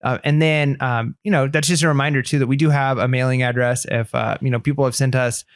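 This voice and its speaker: A man's voice: mid-range voice, fairly even intonation, quick pace, dry recording. Rambling male podcast co-host, close and dry. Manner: rambling, friendly, many fillers. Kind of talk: casual podcast chat.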